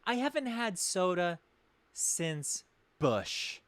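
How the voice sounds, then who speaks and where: Male podcast host, sarcastic comic storyteller, self-correcting, lively pitch, dry close sound. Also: slow, no room sound. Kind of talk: comedic storytelling.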